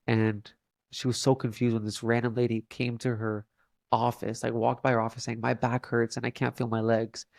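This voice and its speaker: A young man, a podcast guest, telling a long story in a halting way with many fillers and restarts. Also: medium pitch, flat delivery, creaky, dry recording. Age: young adult. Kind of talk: casual storytelling interview.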